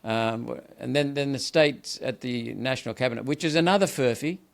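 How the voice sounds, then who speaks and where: This older Australian man speaks in a rough, gravelly voice. He pushes his arguments with heavy emphasis, stumbles into repeated words, and keeps going without a break. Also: medium pitch, normal speed. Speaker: senator, guest. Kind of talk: impassioned political interview.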